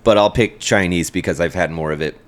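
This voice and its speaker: A man co-hosting a comedy podcast, talking casually and animatedly, swearing and breaking into silly squeaky voices. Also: brisk. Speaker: podcast co-host.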